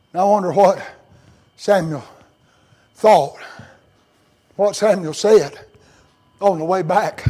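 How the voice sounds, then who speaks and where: A man preaching a sermon as a story, rising to cries and dropping to hushed tones. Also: high-pitched, animated, slow pace, pauses often, rough recording. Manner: dramatic, swings between loud cries and hushed near-whispers.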